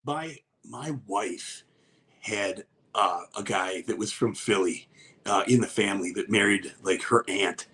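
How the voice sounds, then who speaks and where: A man's voice: lowish voice, a little slow, pushed and bright. A man co-hosting a casual podcast, talking in a blunt, profane, rambling way. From Wisconsin. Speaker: podcast co-host. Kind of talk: casual chat.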